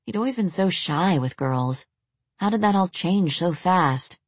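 A woman narrating an audiobook in a steady, even storytelling voice. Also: lowish voice, measured pace, husky, no echo.

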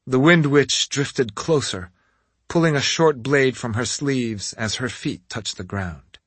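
A man narrating a first-person fantasy audiobook in a dramatic, expressive reading. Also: fairly low pitch, breathy edge, no room sound.

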